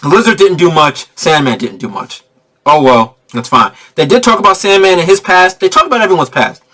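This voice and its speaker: Male vlogger reviewing a movie, fairly high voice, slangy, rambling and easily excited, quick to laugh. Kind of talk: casual spoiler movie review.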